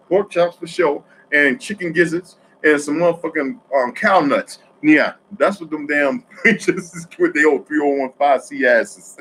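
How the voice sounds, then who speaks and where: A man from New Jersey talking in a rambling, profane monologue, swinging between loud outbursts and quiet asides. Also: fairly high pitch, normal speed, hardly any pauses, a little hiss or hum, poor audio.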